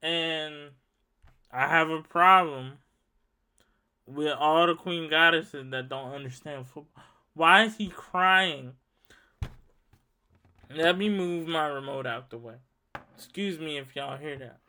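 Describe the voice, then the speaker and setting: A young man in his twenties from Louisiana, hosting a solo podcast and telling a story in a heated, profane, animated rant. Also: on the high side, takes it slowly, long pauses, clean tone. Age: 20s. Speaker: podcast host. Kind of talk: ranting solo monologue.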